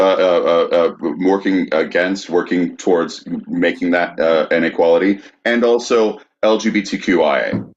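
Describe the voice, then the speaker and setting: Deep-voiced halting man, dull sound. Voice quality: halting, with many fillers when reading. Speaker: podcast host, researcher. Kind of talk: casual podcast chat, reading a list of sources.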